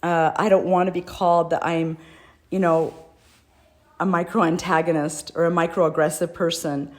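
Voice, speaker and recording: A middle-aged woman with a deep, low-pitched voice talks straight to the camera as a mother. She is earnest and emotional, with a pleading, heartfelt manner. Her delivery is a personal address rather than a script. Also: little pitch movement, moderate pace. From United States. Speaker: mother speaking out.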